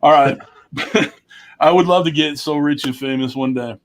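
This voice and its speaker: A man's voice: a little high, moderate pace. A man hosting a casual live-stream chat, laid-back and self-deprecating, with casual swearing. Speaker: host.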